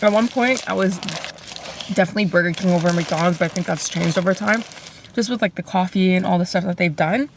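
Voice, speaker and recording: A woman's voice: fairly low pitch, fast, slight background noise. A woman filming an eating vlog in a parked car, chatting to the camera between bites. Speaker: mukbang video creator.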